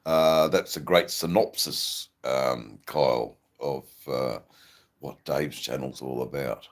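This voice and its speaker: Australian man, very deep, gravelly, coughing, slow rambling livestream chat. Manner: slow, rambling, with frequent ums and laughs. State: persistent cough. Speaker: livestream host. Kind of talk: casual livestream chat reading comments.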